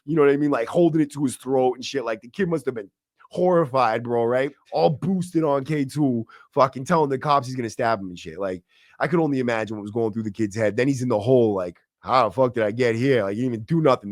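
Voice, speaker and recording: A man's voice: mid-range voice, no room sound, clean studio sound. A man hosting a podcast, telling stories in a casual, profane, slangy way, and acting out the voices of the people in them. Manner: profane, slangy, excitable, acts out quotes. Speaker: podcast host. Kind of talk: casual storytelling.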